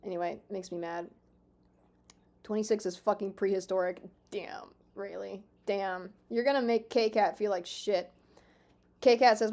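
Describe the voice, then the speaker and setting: A woman in her twenties streaming a game, chatting casually with her viewers, swearing freely, excitable and self-mocking. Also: medium pitch, moderate pace. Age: 20s. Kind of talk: casual live-stream chat.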